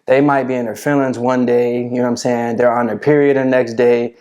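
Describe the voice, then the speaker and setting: A man's voice: medium pitch, flat delivery, fairly quick, darkish tone. A man giving casual dating advice to camera, swaggering and full of slang, often asking "you know what I'm saying".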